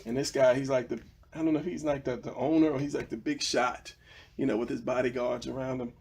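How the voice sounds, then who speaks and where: A man's voice: mid-range voice, steady tone, brisk, vocal fry, darkish tone, slightly rough. A man casually teaching comic drawing, rambling with fillers and restarts as he walks through old pages. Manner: rambling, many fillers and restarts, retelling a story. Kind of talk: casual tutorial talk.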